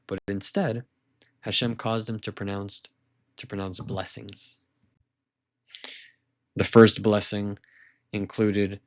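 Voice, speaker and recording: A man teaching a weekly lesson to children, retelling a story in a lively, casual way with asides to listeners. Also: lowish voice, slow pace, long pauses, highs cut off.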